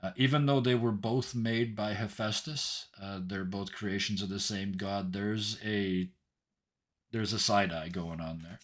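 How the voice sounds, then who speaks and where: A man narrating as game master of a tabletop game in a halting, descriptive way. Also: lowish voice, fairly even intonation.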